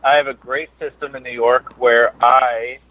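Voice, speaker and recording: Comedian guest, male, halting rambly storyteller, mid-pitched, dull lo-fi audio. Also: steady tone, no room sound. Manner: rambling, halting, many restarts. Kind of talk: casual chat. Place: New York based.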